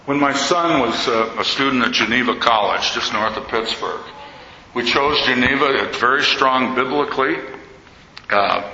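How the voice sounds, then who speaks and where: Older man preaching in an echoey hall. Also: medium pitch. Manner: storytelling, animated quoting of others. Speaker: Orthodox priest. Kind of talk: sermon-style talk. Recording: echoey hall, slightly dull sound, faint noise.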